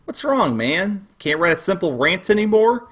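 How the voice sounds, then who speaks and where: A shrill, overreacting southern critic whose voice never seems to have broken, as a man puts him on. He rants in high, wildly swinging outbursts with a slightly husky edge, the stock loudmouth of a comedic web review sketch. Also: big pitch swings, moderate pace, full character voice. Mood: prodding. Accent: Southern US, put on. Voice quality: high, unbroken-sounding voice. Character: whiny hotheaded young southern cartoon-critic man.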